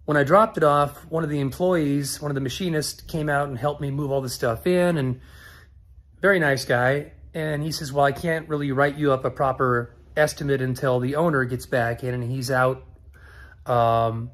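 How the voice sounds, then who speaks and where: A middle-aged man casually telling a story to camera, acting out both sides of a phone call in an animated way. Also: mid-range voice, moderate pace. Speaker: car-build vlogger.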